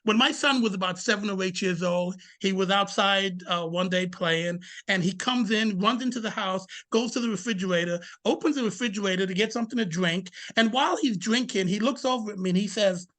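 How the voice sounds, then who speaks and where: A man's voice: high voice, a little fast, hardly any pauses, pushed and bright. A man presenting a workshop for fathers, speaking with emphasis, asking rhetorical questions and repeating key points. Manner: shifts into anecdotes, sometimes restarts words.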